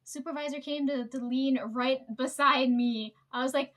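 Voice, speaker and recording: A woman's voice: high voice, fairly even intonation, fairly quick, few pauses, a bit bright. A young woman telling a workplace story to her viewers in a rambling, profane way, leaning on "right?" and "like". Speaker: vlogger.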